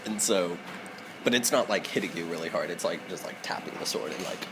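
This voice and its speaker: A man's voice: deep voice, fairly quick, background noise. A man narrating as game master in a loose, casual way, laughing often.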